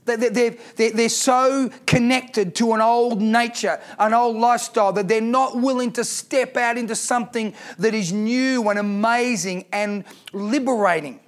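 A man's voice: very high-pitched, normal speed, hardly any pauses. A man preaching a sermon as pastor, reading scripture aloud and asking the congregation rhetorical questions.

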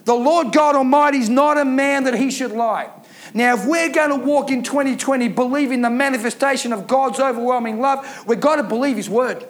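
A man's voice: very high-pitched, brisk. A man preaching a fervent sermon, driving points home with emphatic repeated phrases. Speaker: pastor.

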